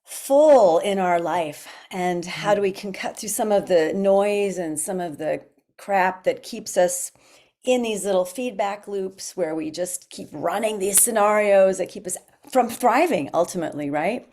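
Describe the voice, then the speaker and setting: A woman's voice: medium pitch, a little slow, darkish tone. A woman guest speaking in an earnest, encouraging way during a casual conversation. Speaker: guest coach.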